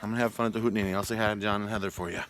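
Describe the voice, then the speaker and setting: A man's voice: on the low side, fairly even intonation, racing. A man in his thirties vlogging casually outdoors, chatting with his animals, his viewers and friends. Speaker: homesteading vlogger. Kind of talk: casual vlog chat. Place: outdoors at a farm gathering. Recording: outdoor noise in the background.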